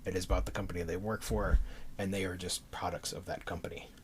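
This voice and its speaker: A very deep-voiced man rambles passionately to his stream, out of breath and stumbling over restarts. A faint hiss sits under his desk mic. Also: little pitch movement, quick pace.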